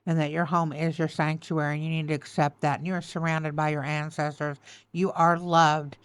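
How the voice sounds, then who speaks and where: A woman's voice: low voice, level tone, moderate pace, smooth, dry recording. A woman giving a tarot reading, choked up and tearful, repeating soothing affirmations. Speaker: tarot reader.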